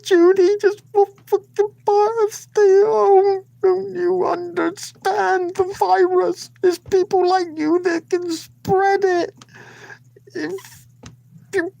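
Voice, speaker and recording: Brief: a man doing a shrill, screaming woman scold, swearing and berating, far above his own range. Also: gravelly, mellow, heavily acted.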